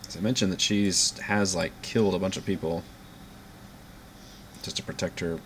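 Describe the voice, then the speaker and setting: A man's voice: deep voice, steady tone, normal speed, very noisy. A man playing in a tabletop game, talking bluntly and warily, swearing casually. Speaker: player. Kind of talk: casual table talk in character.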